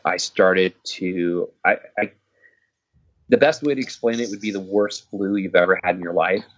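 A man casually telling a personal story, halting and restarting often, swearing now and then. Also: low voice, muffled recording. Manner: halting, frequent restarts and fillers.

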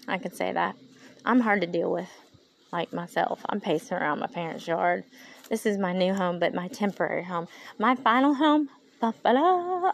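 Pacing a yard at night with her phone in hand, a weary woman records a rambling, emotional podcast monologue. Her voice sits on the low side and sounds gravelly, carrying a slight Valley Girl-style lilt.

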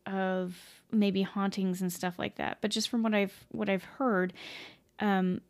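A woman's voice: medium pitch, level tone, a little slow. A woman casually telling a ghost story at home, rambling with many fillers, self-corrections and casual swearing. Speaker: podcast host.

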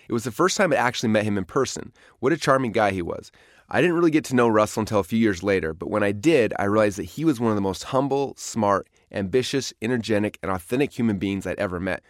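A man reading his own book aloud as an audiobook in a recording studio, brisk and earnest. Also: on the low side, dry recording. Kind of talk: audiobook narration.

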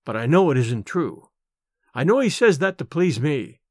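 A man reading an audiobook, voicing a gentle young woman who gushes happily over her new baby in a raised, eager voice. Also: normal speed, no echo, studio quality. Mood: happy. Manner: high, gushing, excited.

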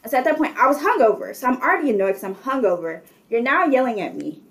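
A young woman chatting casually, telling an animated story with lots of filler words. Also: a little high, fast. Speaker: guest telling a travel story. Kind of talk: casual chat.

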